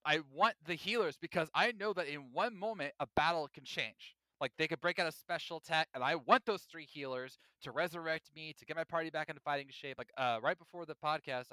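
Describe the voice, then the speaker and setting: A man co-hosting a casual gaming podcast, talking in an animated, jokey way with lots of self-corrections. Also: fairly high pitch, smooth, no echo. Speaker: podcast co-host.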